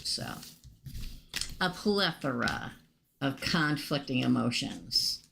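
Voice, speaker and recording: A woman's voice: extremely low pitch, sing-song, takes it slowly, vocal fry, noisy background. A woman doing a casual live tarot reading, naming cards and chatting with viewers about their questions. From United States. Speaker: tarot reader.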